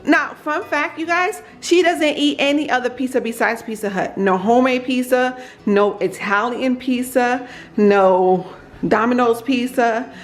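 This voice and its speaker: With a fairly high voice and an unhurried delivery, a mother who vlogs about lifestyle chats casually from her kitchen into a handheld camera. She's from Georgia, US, makes warm asides to viewers, and the recording is low quality.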